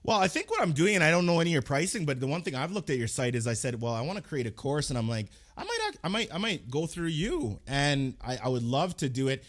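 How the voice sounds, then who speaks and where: A man hosting a podcast interview, talking in an energetic, emphatic way and often repeating himself. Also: medium pitch, quick pace, hardly any pauses. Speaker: podcast host.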